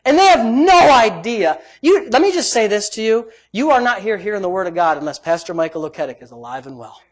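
A middle-aged man, a pastor with a high voice, preaching emphatically and dropping from quiet asides to loud exclamations. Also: animated, fast. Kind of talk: sermon.

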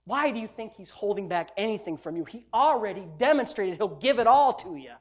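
A man, a pastor preaching a sermon, telling stories with loud bursts and hushed asides. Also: sits high, a little fast. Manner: animated storytelling, swings between loud bursts and hushed asides.

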